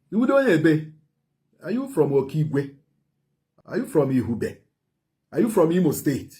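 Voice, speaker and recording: A man with an Igbo Nigerian accent giving impassioned commentary, repeating phrases in rapid bursts. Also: on the high side, big pitch swings, dark tone.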